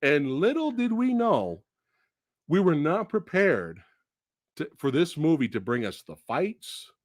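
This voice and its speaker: Animated, profane man ranting about films. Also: on the high side, unhurried, dry recording, clean studio sound. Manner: animated, profane, shouting bursts. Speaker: movie review host. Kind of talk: excited film review rant.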